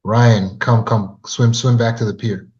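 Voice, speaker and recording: A man's voice: medium pitch, fairly even intonation, unhurried, close to an everyday voice. A man voicing a worried older brother who urgently pleads with a young boy to swim back, in a dull lo-fi recording. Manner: urgent, pleading, turning to shouting. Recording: dull lo-fi sound.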